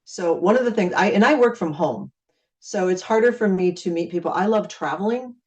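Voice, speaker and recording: Animated and fairly quick, a middle-aged woman from Minnesota with a low, darkish voice gives a casual training talk about network marketing. She acts out chatty conversations full of friendly repeated phrases while standing far from the mic.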